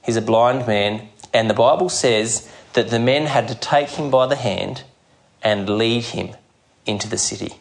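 A man preaching a sermon, earnest and measured, acting out the scripture scenes he tells. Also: mid-range voice, creaky. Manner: earnest, measured preaching with dramatic quoted voices. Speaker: pastor.

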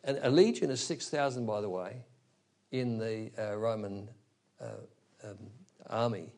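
A man's voice: fairly low pitch, measured pace, a little mellow. A man preaching a sermon, explaining a scripture passage verse by verse with rhetorical asides to his listeners. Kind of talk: expository sermon.

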